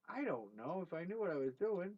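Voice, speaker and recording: An older man hosting a livestream of his songs, chatting casually and rambling with plenty of "uh" fillers, then signing off warmly to his viewers. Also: high voice, sing-song, fairly quick, dry recording. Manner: warm, encouraging sign-off. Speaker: singer-songwriter hosting a livestream. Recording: dull, muffled lo-fi sound with faint music.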